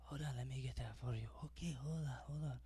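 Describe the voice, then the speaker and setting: A man's voice: on the high side, very animated, normal speed, dark tone, pitched above the performer's own voice. A stand-up comic voicing a chatty, fussy male takeout restaurant clerk who keeps saying hold on.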